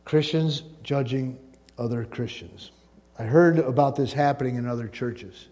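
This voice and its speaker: A man preaching a sermon as pastor, animated, acting out the voices of doubting listeners. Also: mid-range voice, a little slow.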